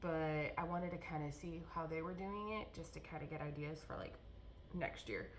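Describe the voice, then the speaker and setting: A woman's voice: low-pitched, moderate pace, a little hiss or hum. A young woman vlogging about her day in a rambling, chatty way, with lots of fillers and restarts. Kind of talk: casual vlog chat.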